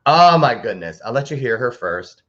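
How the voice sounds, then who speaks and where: A man hosting a live talk show, chatting to camera in a rambling, animated way. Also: medium pitch, normal speed, highs cut off.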